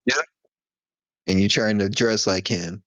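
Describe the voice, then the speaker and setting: A man's voice: lowish voice, a little slow, a bit bright, dry recording, poor audio. A man co-hosting a podcast, laid-back and teasing, sometimes sitting back from his mic. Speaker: podcast co-host. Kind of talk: casual chat. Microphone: podcast mic, sometimes held at a distance.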